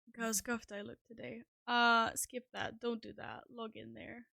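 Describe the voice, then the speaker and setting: A woman streaming live, talking in an unhurried, scattered way, cursing and laughing at herself. Her voice sits a little high with a bright, forward tone. The sound is dry and close, with no room around it. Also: flat delivery, creaky, no echo. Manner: scattered, self-deprecating, swears often. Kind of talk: casual live-stream chat.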